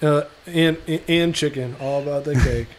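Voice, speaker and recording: A man's voice: a little high, moderate pace. Self-mocking male podcast co-host. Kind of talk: casual chat.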